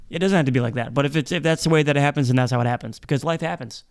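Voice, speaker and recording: A man with a slightly high voice hosts a solo podcast from a studio set. He talks in a rambling, playful way, swearing freely and tripping over restarts as he lectures his listeners. His delivery is loose and conversational. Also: quick pace. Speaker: podcast host. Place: indoor studio set with black background.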